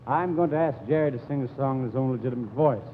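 A young man hosting a live comedy TV show, coaxing his nervous partner as a relaxed straight man. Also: mid-range voice, racing. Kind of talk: live TV variety banter. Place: TV studio stage before an audience. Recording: dull 1950s TV broadcast with hall reverb and noise.

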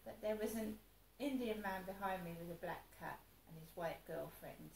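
A woman with a gravelly, creaky voice rambles through a personal story. She sounds upset and vents as she goes, often restarting her sentences. The room echoes around her, with a faint ambient hum behind. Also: medium pitch, normal speed, darkish tone. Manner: upset, venting, meandering with restarts. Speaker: vlogger.

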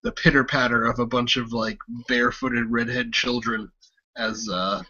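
A male game master narrates a tabletop game in a loose, rambling way full of fillers. His voice is bright and a little husky. The recording is dull and lo-fi. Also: mid-range voice, fairly even intonation, moderate pace.

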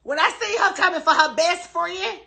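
A woman's voice: extremely high pitch, normal speed, vocal fry, bright, forceful tone. A woman on a livestream, talking emphatically and with plenty of profanity, repeating her denials over and over. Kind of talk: emotional livestream rant.

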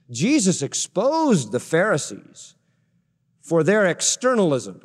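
A man's voice: fairly high pitch, animated, normal speed, big-room sound. A male pastor preaching a sermon emphatically, stressing his points with repeated parallel phrases.

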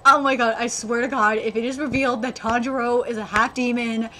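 A woman streamer giving a live reaction to a manga chapter, excitable, cheering loudly and swearing. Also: on the high side, brisk, few pauses, slight background noise.

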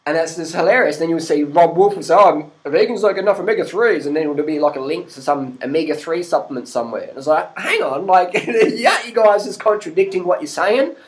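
Animated man ranting to camera. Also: fairly high pitch, brisk, hardly any pauses, rough recording. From Australia. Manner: animated, swearing, laughing at others. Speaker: vlogger. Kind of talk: casual rant to camera.

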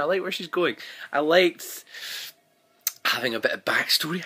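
A man talking through a TV episode in a loose, rambling vlog, stopping and restarting his sentences. His pitch jumps around a lot, and his voice is a little husky. He is recorded on a phone. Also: animated, moderate pace, sharp tone. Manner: rambling, many fillers and restarts. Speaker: TV episode reviewer. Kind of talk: casual vlog review.

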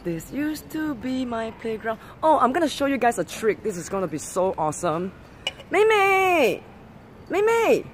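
A livestreamer with a Singaporean English accent chats casually from a park playground at night, filming on a handheld camera. The voice swings widely in pitch, from high, excited calls to the dogs down to low asides to viewers. Soft outdoor ambience and a faint hiss sit behind it.

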